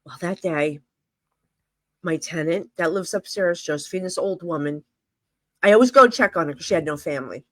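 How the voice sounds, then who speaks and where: A woman's voice: fairly low pitch, normal speed, pauses often, no echo. A middle-aged woman from New Jersey, a psychic medium telling stories in a casual interview, rambling and full of fillers like "you know".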